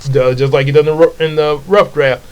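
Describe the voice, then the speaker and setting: A man's voice: a little high, fairly even intonation, a little fast, smooth, poor audio. A man casually retelling his comic book, rambling into asides and correcting himself.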